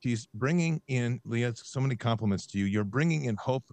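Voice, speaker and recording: A man's voice: medium pitch, lively intonation, brisk, a little mellow, no room sound. A man hosting a podcast, talking in an impassioned, emphatic rant and reading scripture aloud. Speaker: host.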